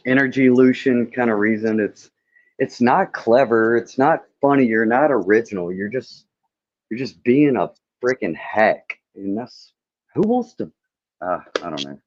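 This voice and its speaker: A man chatting casually on a livestream, dismissive and sarcastic, with some swearing. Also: medium pitch. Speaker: livestream guest. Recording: dull lo-fi stream audio.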